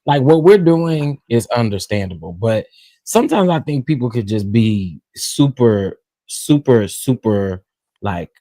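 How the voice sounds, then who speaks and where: A man's voice: medium pitch, very animated, measured pace, mellow, no echo. Man hosting laid-back West Texas drawl, dry close sound, chatty and folksy. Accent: Southern US, Texas. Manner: chatty, laughs often, folksy slang. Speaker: host of a live panel stream. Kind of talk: casual live-stream chat.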